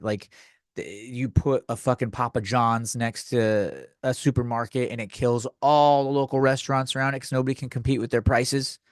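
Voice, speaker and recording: A man rants his way through a comedy podcast, crude and sarcastic, tripping over restarts as he rambles. His voice sits at an ordinary middle pitch, recorded close and dry with no room sound. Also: dry recording. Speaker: podcast host.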